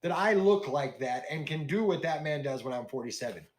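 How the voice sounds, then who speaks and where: A man hosting a wrestling podcast, his voice sitting a little high. He tells the week's events in a loose, animated way and slips into the wrestlers' lines as he goes. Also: brisk. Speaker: podcast host. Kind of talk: casual wrestling recap chat.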